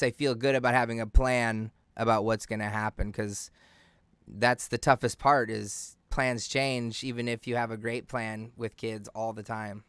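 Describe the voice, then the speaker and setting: A man's voice: medium pitch, fairly bright tone, smooth, no room sound. A man co-hosting a podcast in a casual, slangy, laid-back chat, talking as a father.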